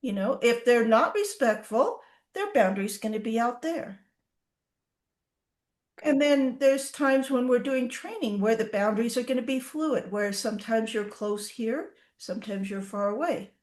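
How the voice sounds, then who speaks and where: A woman horse trainer telling stories in an interview, animated and acting out the horses' reactions. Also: on the high side, measured pace, roomy sound. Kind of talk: casual storytelling in an interview.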